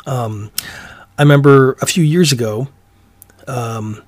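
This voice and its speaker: A man hosts his own commentary show and works through his views in a loose, meandering monologue. His voice sits in a middle pitch, and he often stops and starts mid-sentence. The sound is dry and close, with no room around it. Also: takes it slowly, darkish tone, no echo. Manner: rambling, many restarts and fillers. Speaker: commentary podcast host. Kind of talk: rambling opinion monologue.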